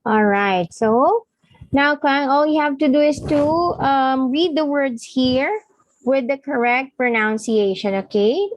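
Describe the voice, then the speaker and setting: A woman's voice: high-pitched, animated, measured pace, no room sound, dull audio. A woman teaching an English lesson one-on-one, patiently coaxing her student and giving short praise. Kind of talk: online one-on-one language lesson.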